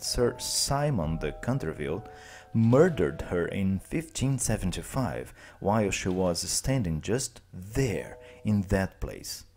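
A man teacher narrating a classic story slowly and clearly for language learners. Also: sits low. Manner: slow, clear, expressive.

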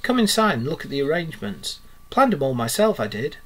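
A man voicing a boastful, excitable male toad gentleman in a grand, pompous manner, read aloud from a storybook. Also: a little high, a little fast.

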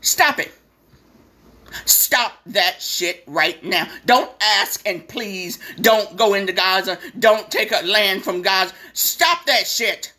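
A woman rants on her own live stream in a blunt, sarcastic and profane way. Her tone is bright and forceful. She talks at a slow, deliberate pace and leans hard on her points. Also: medium pitch. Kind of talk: impassioned live-stream rant.

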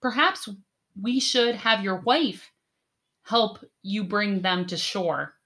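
A woman's voice: medium pitch, takes it slowly, pushed and bright, exaggerated voice. A woman reading as a stern pirate captain. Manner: curt, imperious orders. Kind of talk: audiobook character voice.

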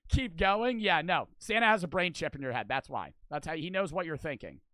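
Young guy streamer reacting, cussing and joking, pretty high voice, bright, dry sound. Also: lively intonation, brisk, no echo. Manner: loud, profane, joking, bursts into shouts and laughs. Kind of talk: casual reaction commentary.

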